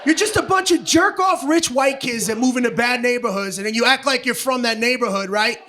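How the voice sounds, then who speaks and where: A middle-aged man doing stand-up comedy on a club stage, brash, profane and often shouting. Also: extremely high pitch, a little fast. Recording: live club audio with background noise.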